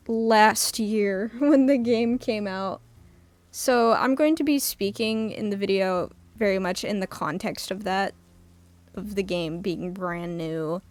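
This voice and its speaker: A woman's voice: mid-range voice, dry recording. A woman casually commenting while she plays a story game, laughing often and swearing freely. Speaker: gamer reading a visual novel aloud. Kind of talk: casual let's-play commentary.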